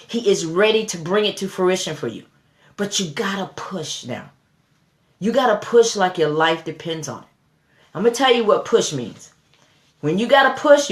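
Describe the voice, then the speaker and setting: Woman preacher, motivational sermon, repetitive rising emphasis, mid pitch, roomy echo. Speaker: motivational speaker.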